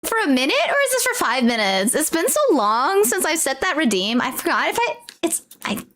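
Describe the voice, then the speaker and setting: A woman's voice: high-pitched, a little fast. A woman streamer chatting casually on a livestream while unboxing merch. She gushes and exclaims often. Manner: gushing, excitable, exclaims often.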